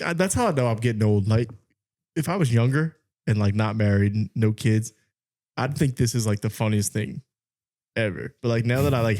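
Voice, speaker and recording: A man's voice: medium pitch, darkish tone. A man in his thirties co-hosting a podcast, rambling casually with lots of fillers and trailing thoughts. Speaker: podcast co-host. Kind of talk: casual chat.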